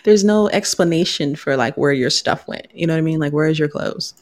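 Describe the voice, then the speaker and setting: A woman with a notably deep speaking voice, chatting casually as a co-host. She laughs constantly and makes crude jokes. She reads a news story aloud in an offhand way. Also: brisk. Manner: laughs often, crude and playful. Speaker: podcast co-host.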